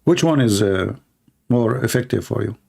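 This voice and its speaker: A man's voice: fairly low pitch, expressive, moderate pace, vocal fry, warm tone. A man giving mocking live-stream commentary while reading viewer comments aloud, sarcastic and teasing. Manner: sarcastic, teasing, laughs at his own jokes.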